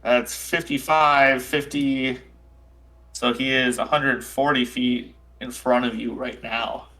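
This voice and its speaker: A man's voice: medium pitch, fairly even intonation, slow pace, sharp tone, low-quality recording. A man running a tabletop game as game master, narrating moves and dice rolls in a casual way with many fillers.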